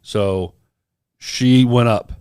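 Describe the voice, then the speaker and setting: A man's voice: mid-range voice, steady tone, very slow, a little mellow, clear, resonant tone, no room sound, studio quality. A man on a podcast telling a personal story in casual chat, acting out the people he quotes. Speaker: podcast co-host.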